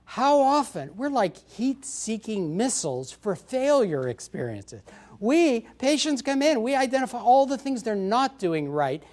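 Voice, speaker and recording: A man's voice: extremely high pitch, very animated, unhurried, darkish tone. A middle-aged man, a physician, giving a lecture full of stories and acting out the people he quotes. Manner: storytelling, acts out quoted patients and people. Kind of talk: conference lecture with anecdotes.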